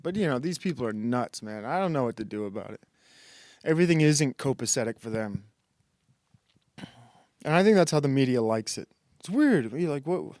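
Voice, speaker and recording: A man's voice: mid-range voice, expressive, fairly quick, long pauses, darkish tone, no room sound, studio quality. Mocking, rambling male streamer. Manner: rambling, mocking, laughs at his own jokes. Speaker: streamer host. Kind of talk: casual comedic monologue reacting to videos.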